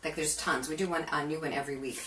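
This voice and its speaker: A woman hosts a live cooking stream in her kitchen, talking in a rambling, chatty way with frequent laughter. Her voice sits on the low side. She is picked up by a distant mic in an echoey kitchen with clear background noise. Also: fairly even intonation, fast talker. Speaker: cooking show host. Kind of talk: casual live-stream chat. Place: home kitchen. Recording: roomy kitchen, mic far off, noisy.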